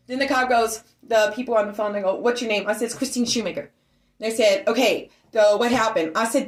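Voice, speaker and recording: A woman telling a story to the camera in a casual, agitated way, with sudden loud outbursts. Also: a little high, a little fast, reverberant. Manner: animated, agitated retelling with raised outbursts. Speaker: storyteller recounting an incident.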